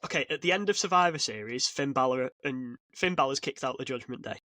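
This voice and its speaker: A man co-hosting a casual podcast, talking excitedly and rambling with frequent restarts. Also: mid-range voice, fast. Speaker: podcast co-host. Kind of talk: casual chat. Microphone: podcast mic.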